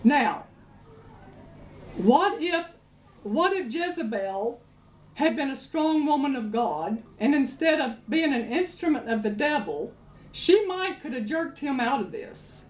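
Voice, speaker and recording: A woman preacher, giving a sermon in an emphatic, animated storytelling way. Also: sits high, takes it slowly. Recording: roomy echo, faint ambience.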